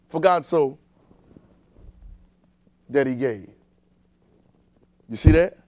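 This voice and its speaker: A male preacher giving a conversational sermon, talking directly to his congregation and swinging between quiet, low asides and loud emphasis. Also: animated, takes it slowly, long pauses, no room sound.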